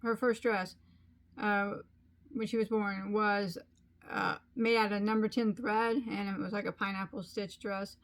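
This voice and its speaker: A woman's voice: medium pitch, flat delivery, unhurried. A middle-aged woman chatting casually on her crochet channel, rambling along with frequent ums as she tells a story. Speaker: crochet vlogger.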